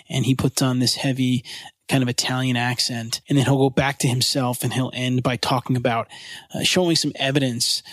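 A man hosting a podcast, narrating events from the location in a conversational and excited way. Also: medium pitch, no room sound, clean studio sound. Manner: conversational, excited, relaying events as they happen. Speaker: podcast host.

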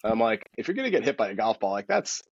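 Male guest and golf instructor, low-pitched, husky, quick animated storyteller, dull recording. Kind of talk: casual storytelling.

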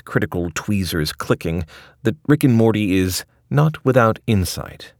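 A man's voice: sits low, sing-song, unhurried, no echo, studio quality. A man narrating a scripted audio essay with a wry, ornate delivery.

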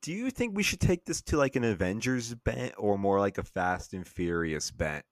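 A man co-hosting a casual comedy movie podcast, making wry deadpan asides. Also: on the low side, normal speed, no echo, clean studio sound. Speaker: podcast co-host.

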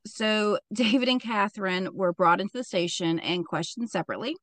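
A woman's voice: medium pitch, a little fast, a bit bright, no room sound. Young female podcast host, casual true-crime storyteller, swears freely, dry close-up sound. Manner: chatty and profane, with frequent "like" fillers.

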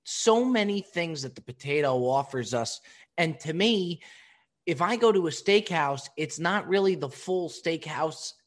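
A man hosting a podcast, telling a funny story in a lively way and answering voicemails. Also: fairly high pitch, unhurried. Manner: animated, laughing storyteller. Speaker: podcast host.

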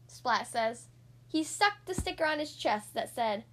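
A woman's voice: fairly high pitch, animated, a little slow. A woman hosting a podcast where she reads storybooks aloud to young children, friendly and talking straight to her listeners. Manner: friendly, addresses listeners as guys. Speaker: podcast host reading to kids.

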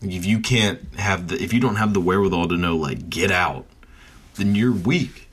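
A man's voice: low voice, normal speed, a bit bright, husky. A man ranting bluntly and profanely in a casual monologue, often laughing between his points. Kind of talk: casual rant.

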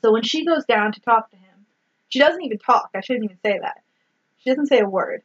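Woman cohost gushing about a movie, cusses a lot, kinda high voice, muffled lo-fi audio. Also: lively intonation, a little fast. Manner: swears freely, retells scenes with acted quotes. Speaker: podcast co-host. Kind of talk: casual movie recap chat. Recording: dull lo-fi sound.

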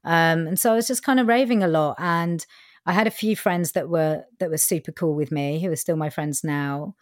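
A woman with a low, voice tells her story candidly as an interviewee. She talks openly, with many ums and occasional swearing. The recording is dry and close. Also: normal speed, no echo. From England. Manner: frank, sometimes swearing, many fillers.

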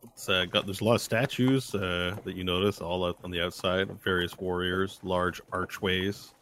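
A man narrating a tabletop game as game master, in a loose, relaxed way with many fillers. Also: deep voice, moderate pace, slight background noise.

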